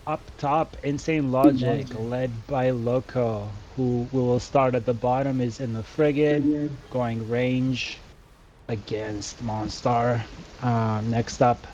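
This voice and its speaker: A man co-commentating a strategy game match, talking in a halting way with frequent hesitations. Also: mid-range voice, fairly even intonation, dark tone, lo-fi sound, slight background noise.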